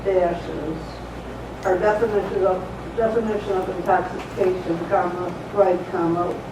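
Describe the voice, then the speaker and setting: A person reads a dictation exercise aloud, slowly and flatly, naming every punctuation mark. The voice comes from far off in a very echoey room. Clear background noise sits under it. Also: mid-range voice. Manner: slow, flat reading of punctuation marks. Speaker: seminar participant reading aloud. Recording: very echoey, distant mic, noisy.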